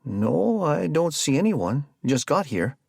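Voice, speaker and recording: A wary, terse middle-aged gardener, put on by a male narrator, speaks with a heavy foreign accent in clipped, halting replies. The voice sits raised above a low, gravelly base and stays husky, dry and close, with no room around it. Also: very animated, darkish tone, dry recording, full character voice. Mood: curt. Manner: halting, short broken answers.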